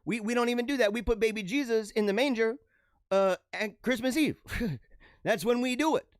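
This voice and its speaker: A man's voice: very high voice, normal speed, no room sound, studio quality. A middle-aged man hosting a show, giving rambling, joking commentary on the news and laughing often. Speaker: show host.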